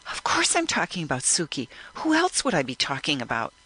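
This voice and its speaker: A man's voice: a little high, huge pitch swings, brisk, sharp tone, husky, no echo, heavily acted, rough recording. A man reading an audiobook, voicing an anxious teenage girl who asks probing questions. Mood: questioning.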